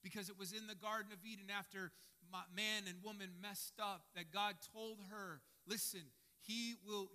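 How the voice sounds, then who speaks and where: Bright-voiced impassioned male pastor. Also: high-pitched. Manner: impassioned, swinging from hushed to shouting. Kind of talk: sermon.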